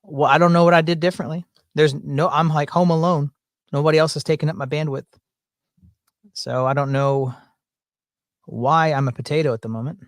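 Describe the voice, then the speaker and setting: A man's voice: a little high, steady tone, fairly quick, pauses often, no echo, clean studio sound. A man hosting his own livestream from home, chatting casually in a rambling, joking, folksy way. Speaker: livestream host. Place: at home, indoors. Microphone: desk mic through mixer with headphones.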